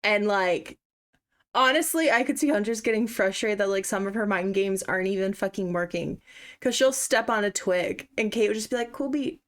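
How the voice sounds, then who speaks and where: A woman co-hosting a casual chat about a horror game, relaxed, laughing along and reading out chat. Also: medium pitch, normal speed. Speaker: co-host.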